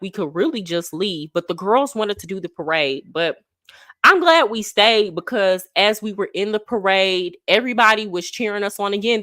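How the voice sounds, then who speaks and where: A woman on a livestream who tells a story casually and acts out the people she quotes in lively voices. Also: mid-range voice, no room sound, clean studio sound. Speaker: livestream host.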